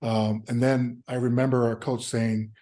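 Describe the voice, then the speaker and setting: A man in his thirties, a former pro football player, answering interview questions in a halting, easygoing way with frequent filler sounds and restarts. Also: mid-range voice, level tone, dark tone. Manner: easygoing, acts out remembered exchanges.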